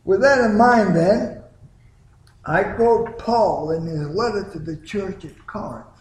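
A man preaching a sermon, slow and deliberate, with dramatic pauses and emphatic peaks. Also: sits high. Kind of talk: sermon with sung hymn opening. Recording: echoey room.

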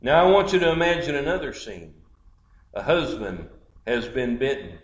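A man's voice: medium pitch, expressive, normal speed. A man preaching a sermon, telling stories dramatically and acting out the people in them. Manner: dramatic storytelling, voicing characters in quotes. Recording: roomy echo.

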